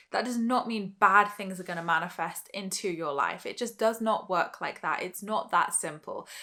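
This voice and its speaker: A woman's voice: medium pitch, pushed and bright. A woman giving an earnest, emphatic teaching talk to camera, repeating phrases for emphasis. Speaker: law of attraction teacher.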